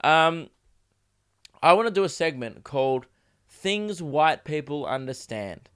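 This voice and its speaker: A man's voice: on the high side, animated, takes it slowly, a bit bright, smooth. A young Australian man, a podcast host who is sick, rambling through a casual solo rant with lots of swearing and restarts. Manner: rambling, self-interrupting, swears freely, acts out quoted voices. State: sick, coughing.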